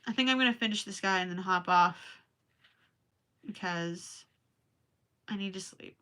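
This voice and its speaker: A woman's voice: medium pitch, measured pace, bright, forceful tone, clean tone. A young woman with a Minnesotan accent, chatting casually with viewers on a late-night crochet livestream, rambling and a little tired. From Minnesota, USA. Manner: rambling, chatty, talks to viewers while working. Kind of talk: casual chat while crafting.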